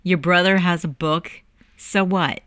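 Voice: medium pitch, steady tone, a little slow, a bit bright, smooth, dry recording, clean studio sound, lightly acted. A narrator voicing a proud, curious teenage boy who asks defensive, disbelieving questions in an audiobook. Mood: questioning. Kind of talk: audiobook character voice.

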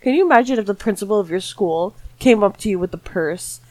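Exasperated young woman with a lively voice. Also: medium pitch, fast talker, dry recording. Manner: exasperated reactions, groaning disbelief. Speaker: podcast co-host. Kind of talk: casual comedic chat.

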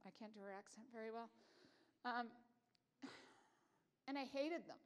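A woman's voice: on the high side, moderate pace, long pauses. A woman in her forties giving a conversational sermon as a Bible teacher, telling stories in a chatty, self-deprecating way. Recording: long hall reverb.

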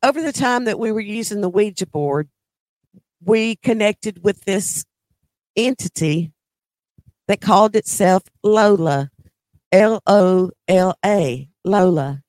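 A woman telling personal paranormal stories in a slow, deliberate way, with dramatic pauses. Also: medium pitch, a little mellow, no echo. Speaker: storyteller.

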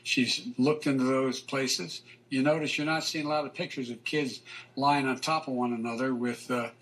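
A man giving a public speech, halting and stumbling with many restarts and fillers. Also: medium pitch, fairly even intonation, fairly bright tone.

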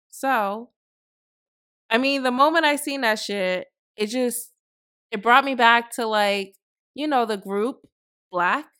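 A woman's voice: fairly high pitch, a bit bright. A woman in her thirties hosting a podcast, giving blunt, profane, emphatic opinion commentary in a casual way. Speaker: podcast host.

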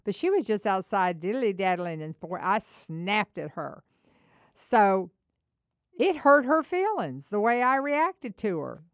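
A middle-aged woman co-hosting a faith-based talk, telling an animated story and acting out both sides of a phone call. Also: medium pitch, unhurried, no echo, studio quality. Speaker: co-host.

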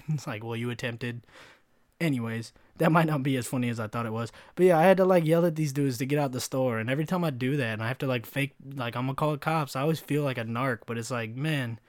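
A young man tells stories on his own podcast in a loose, rambling way, laughing as he goes and acting out the people he quotes. His voice sits at an ordinary middle pitch. The recording is dry and close, with no room sound. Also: no echo. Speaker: podcast host. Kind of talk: casual solo podcast storytelling.

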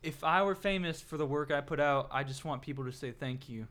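A podcast co-host with a fairly high, slightly bright voice talks fairly quickly in casual chat. His stories ramble, full of restarts and fillers, and he's self-aware, regularly poking fun at himself.

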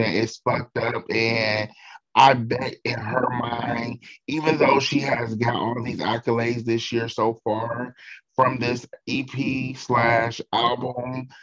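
A man's voice: mid-range voice, dull audio. A man from Ohio, talking in an emotional, effusive way with casual swearing during a chat.

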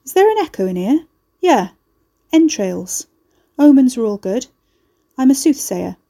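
A woman's voice: high-pitched, very animated, a little slow, mellow, voice pushed up, heavily acted. A woman voicing a shifty, sarcastic male soothsayer, talking in a blunt, teasing way. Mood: mocking. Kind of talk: audiobook character voice.

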